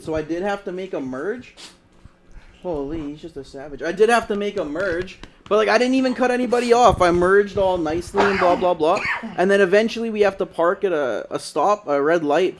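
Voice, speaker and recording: A young man, co-hosting a podcast, telling a long story in a rambling, casual way, peppered with "like" and cursing. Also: a little high. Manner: rambling, lots of "like" and profanity. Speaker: podcast co-host.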